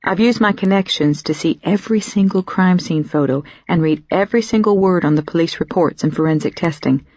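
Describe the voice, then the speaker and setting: A woman giving first-person audiobook narration in a weary, quiet manner. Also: on the low side, brisk, hardly any pauses, no echo. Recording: dull, dry studio recording.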